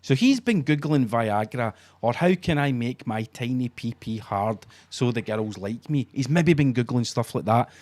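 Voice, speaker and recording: A man's voice: medium pitch, lively intonation, moderate pace, few pauses, darkish tone. A Scottish man in his forties, co-hosting a podcast in sweary, mocking casual chat. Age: 40s. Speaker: podcast co-host.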